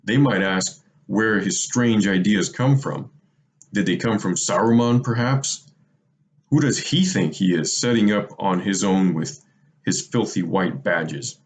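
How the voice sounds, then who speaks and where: A man reading aloud voices a sly orc messenger who speaks softly and sneers. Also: on the low side. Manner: sneering, soft-spoken.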